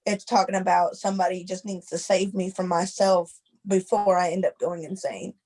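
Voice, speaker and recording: A woman's voice: fairly low pitch, flat delivery, moderate pace, mellow, poor audio. A woman in a class sharing her experience casually, with a conversational, filler-heavy way of talking. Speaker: class participant.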